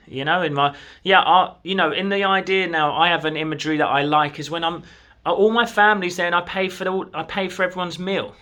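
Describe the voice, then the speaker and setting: A man's voice: high-pitched, steady tone, brisk, pushed and bright. A man, a coach, giving an earnest, encouraging motivational talk straight to the viewer from his desk. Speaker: manifestation coach. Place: at a desk in his own room.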